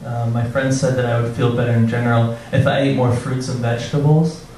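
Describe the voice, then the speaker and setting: A man doing a stand-up set, awkward and self-deprecating, halting with frequent ums. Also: medium pitch, little pitch movement, darkish tone, a little hiss or hum. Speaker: stand-up comedian. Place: comedy club stage. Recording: roomy club sound from a distance with audience. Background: audience laughter.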